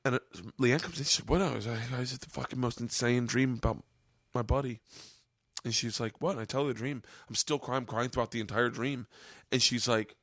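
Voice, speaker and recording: A man's voice: mid-range voice, fairly quick, no echo. Guy in his 40s on a podcast mic, spinning a wild story, does all the voices, dry close sound. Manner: animated storyteller, acts out quotes, gets choked up. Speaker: podcast host. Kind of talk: casual storytelling chat.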